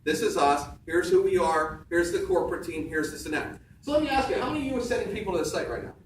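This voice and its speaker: A man's voice: high voice, lively intonation, quick pace. A man giving a punchy, emphatic motivational sales talk on stage to an audience, repeating key phrases. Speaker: seminar speaker. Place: large room with audience. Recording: echoey room, far from mic, faint background noise.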